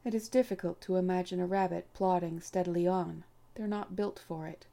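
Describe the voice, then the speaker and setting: Gravelly, mellow-voiced woman narrating. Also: fairly low pitch, fairly even intonation. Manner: measured, unhurried storytelling. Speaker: audiobook narrator. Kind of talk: scripted narration.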